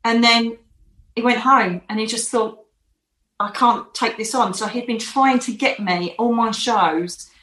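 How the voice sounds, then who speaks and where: A woman tells her stories with lively emphasis, pressing hard on key words. Her voice sits a little high. The room around her is echoey. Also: a little slow. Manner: animated, emphatic storyteller. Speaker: medium, interview guest. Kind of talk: casual storytelling in an interview.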